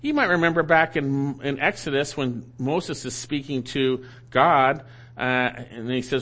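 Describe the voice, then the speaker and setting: A man's voice: medium pitch, a little slow, a bit bright. A man preaching a sermon that teaches through a Bible passage, emphatic and repeating key phrases for stress.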